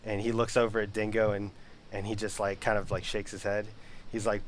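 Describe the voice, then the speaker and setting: Low-voiced young man narrating a game. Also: slight background noise. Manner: relaxed, halting, many fillers and restarts. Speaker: game master. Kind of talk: narrating a tabletop game over voice chat.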